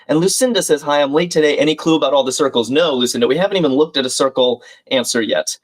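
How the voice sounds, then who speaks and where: A man's voice: on the high side, fast talker. Man thinking aloud over a crossword. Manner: thinks aloud, reads chat names and clues, friendly asides. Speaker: livestream host. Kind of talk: live crossword solving chat.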